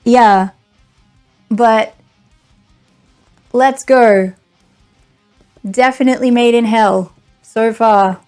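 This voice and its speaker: A woman's voice: fairly high pitch, extremely slow, long pauses, a little mellow, smooth, soft background music. A woman doing a casual unboxing vlog, sarcastic and exasperated, often laughing. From Australia. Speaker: vlogger.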